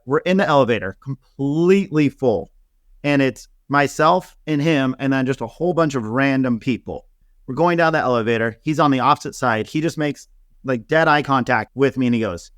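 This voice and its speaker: A man talking casually in an interview, telling stories in an animated way and full of fillers. His voice sits in a middle range. The recording is dry and close, with no room sound. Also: mid-range voice, normal speed, no echo. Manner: animated, laughing storyteller with many fillers. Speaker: celebrity hairstylist guest.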